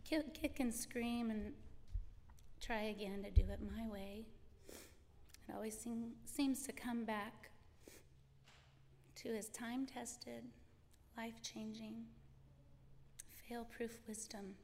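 A woman reading scripture aloud and giving a personal testimony in church, slow and earnest, breaking off and restarting. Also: fairly high pitch, level tone, creaky, darkish tone. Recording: reverberant hall with faint background noise.

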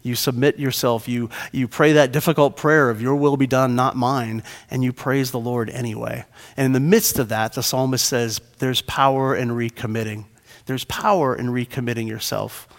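A man's voice: mid-range voice, steady tone, normal speed. A man preaching a sermon as pastor, earnest and repeating key phrases for emphasis. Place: church sanctuary. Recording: long hall reverb.

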